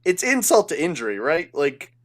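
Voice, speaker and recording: A man's voice: on the high side, sing-song, moderate pace, fairly bright tone. A man with a slightly raised voice chats loosely on a podcast, retelling scenes at length. He swears freely and keeps talking with plenty of fillers. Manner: rambling storyteller, swears freely. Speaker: podcast co-host. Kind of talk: casual chat.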